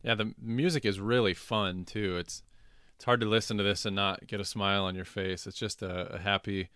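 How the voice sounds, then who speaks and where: A man with a lowish, clean voice takes part in a relaxed podcast chat about an album. He agrees readily and adds his own points. He is recorded close, with no room sound. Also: moderate pace, clear, resonant tone, dry recording. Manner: agreeable, chimes in with short affirmations. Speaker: podcast co-host. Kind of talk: casual album discussion.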